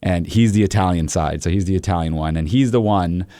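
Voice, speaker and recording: A man's voice: sits low, brisk, no room sound, clean studio sound. A male podcast host, chatting casually and acting out funny stories with quoted dialogue. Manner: animated storyteller, acts out quoted dialogue. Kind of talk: casual storytelling chat.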